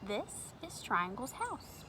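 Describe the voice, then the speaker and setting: A woman reading a picture book aloud to children at home, gentle and expressive, talking straight to her young viewers. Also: a little high, slow pace, noisy background.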